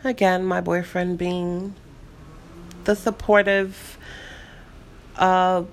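Young New York woman vlogger, fried low voice, loose and profane storyteller. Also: drawn-out words, slight background noise. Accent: New York City. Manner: rambling, animated, swears freely. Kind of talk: casual storytime chat.

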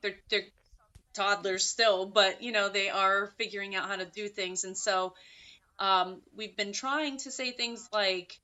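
A woman's voice: mid-range voice, fairly even intonation, a little slow, sharp tone. A woman talking as a podcast guest in a casual interview, earnest and thinking aloud with many fillers. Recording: muffled lo-fi audio.

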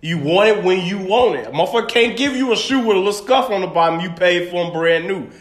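Man, high voice, insistent and profane, roomy sound. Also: animated, fast. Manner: insistent, profane, making his case. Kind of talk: casual chat. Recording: roomy room.

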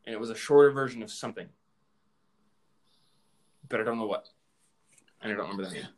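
A man's voice: lowish voice, fast talker. A man hosting a casual podcast, joking and rambling. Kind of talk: casual chat.

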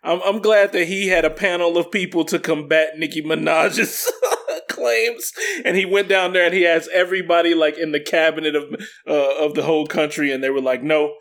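A man's voice: on the high side, fairly even intonation, moderate pace, fairly bright tone. A man co-hosting a casual podcast chat, telling stories with chuckles. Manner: laughing storyteller. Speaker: podcast co-host.

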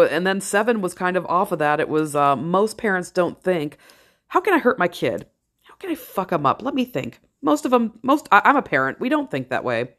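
Low-pitched middle-aged woman, casual vlog chat, blunt, swears freely, slows to stress key phrases. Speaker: vlogger, parent and ER worker. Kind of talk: casual talking-head commentary.

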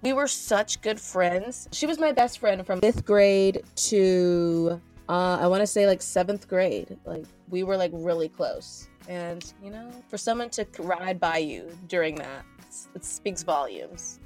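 A woman's voice: fairly low pitch, expressive, measured pace, darkish tone, soft background music. A woman co-hosting a podcast, telling stories in casual chat and laughing as she goes. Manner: chatty storytelling with laughs. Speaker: podcast co-host.

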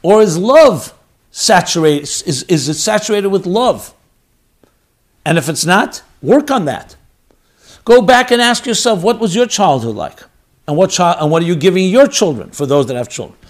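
A man giving a sermon, swinging between loud exhortation and quiet storytelling. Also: high-pitched.

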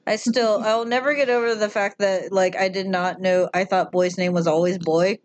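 A woman co-hosting a podcast in casual chat, an animated storyteller who acts out what people said. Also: mid-range voice, moderate pace. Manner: animated storyteller, quotes people in little voices. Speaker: podcast co-host.

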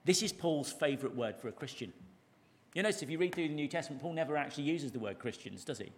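A man preaching a sermon to a church congregation, animated, stretching key words out for emphasis and asking rhetorical questions. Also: fairly high pitch, quick pace. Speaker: pastor. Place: church service, large room. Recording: long church reverb.

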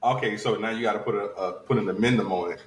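A man's voice: fairly low pitch, quick pace, distant mic. A young man co-hosting a podcast, arguing his points in casual banter with an exasperated edge. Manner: argumentative, exasperated. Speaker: podcast co-host. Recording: echoey, a bit off-mic.

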